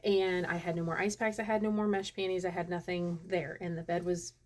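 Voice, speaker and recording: A woman's voice: lowish voice, fairly quick. Chatty woman telling a story. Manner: chatty, animated, self-interrupting. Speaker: vlogger. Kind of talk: casual storytelling to camera.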